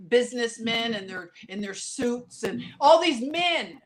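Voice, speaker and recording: An impassioned woman with a slightly raised pitch, talking as a podcast guest. She tells her story in quick, tumbling runs with many restarts. Now and then she flares into loud outbursts. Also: animated. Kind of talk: casual podcast conversation.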